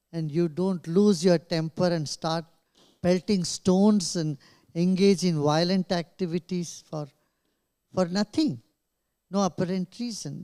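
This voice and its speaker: A man answering questions at a press conference in a slow, measured way, pausing often with small laughs. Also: high voice, smooth. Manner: slow, measured, with many pauses and soft laughs. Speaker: invited speaker. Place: press club conference room.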